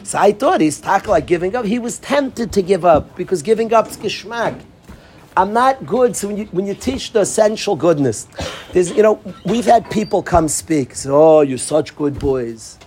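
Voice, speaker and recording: A man giving an informal talk to dorm counselors, animated, acting out quoted voices and often restarting his sentences. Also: sits high, normal speed, slight background noise. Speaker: yeshiva speaker addressing dorm counselors.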